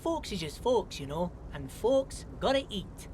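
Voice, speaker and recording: A man's voice: sits high, big pitch swings, a little slow, a little mellow, slight background noise, voice pushed up. A man voicing a small, friendly immigrant dock worker who repeats himself and keeps saying "mister" in a folksy way. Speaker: voicing a game character. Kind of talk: game dialogue read aloud.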